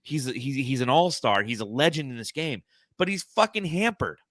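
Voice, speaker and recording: A man's voice: mid-range voice, animated, normal speed, a bit bright, dry recording, studio quality. A man co-hosting a sports podcast, talking in casual, profane, blunt rants. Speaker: podcast co-host.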